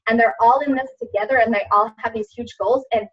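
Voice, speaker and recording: A woman's voice: a little high, steady tone, fairly quick, husky. A woman in her thirties, a fitness coach, talking casually with lots of fillers and restarts in a webinar. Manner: chatty, many fillers and restarts. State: tearful at times. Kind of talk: casual testimonial chat. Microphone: webinar recording. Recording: distant, dull lo-fi webinar audio.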